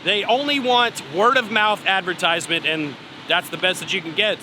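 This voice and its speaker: A high-voiced man chats casually to the camera about trucking, upbeat and rambling, with restarts. He stands outdoors at a truck stop, and clear traffic and engine noise fills the background. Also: normal speed. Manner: chatty, upbeat, trails off and restarts. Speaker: trucker vlogger. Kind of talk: casual vlog talk to camera.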